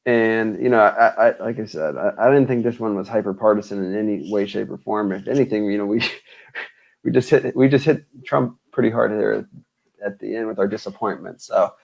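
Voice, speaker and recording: A man's voice: on the low side, moderate pace, gravelly, a little mellow. A man co-hosting a podcast, closing the episode in a laid-back, rambling way. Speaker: podcast co-host. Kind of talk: podcast sign-off.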